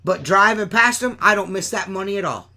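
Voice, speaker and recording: Bright-voiced, profane man chatting loudly. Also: high-pitched, lively intonation, brisk. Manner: loud, laughing, swears constantly, rambling. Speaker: podcast host. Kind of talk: casual profane chat.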